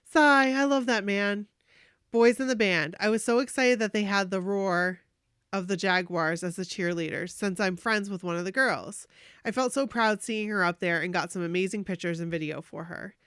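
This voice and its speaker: A woman podcast host reading a listener's fan story aloud, animated and gushing, with emotional asides. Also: medium pitch, normal speed, clean tone, dry recording, studio quality.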